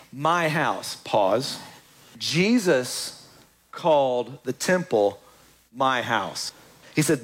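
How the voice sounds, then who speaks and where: A man preaching a sermon in a church, lively and joking with the congregation. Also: mid-range voice. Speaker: pastor.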